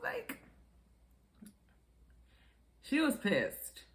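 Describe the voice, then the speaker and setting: A woman's voice: wildly swooping pitch, extremely slow, a little hiss or hum. Chatty woman reviewing reality TV. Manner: chatty, acts out quotes in high voices; frequent laughter. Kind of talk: casual commentary.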